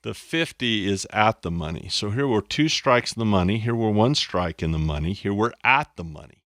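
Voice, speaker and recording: A man with a lowish voice teaches at a board, joking about himself and circling back to repeat his phrases. The sound is dry and close, with no room around it. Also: animated, normal speed, fairly bright tone, no echo. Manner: playful, self-mocking, repeats phrases. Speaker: instructor. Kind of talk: explaining on a whiteboard.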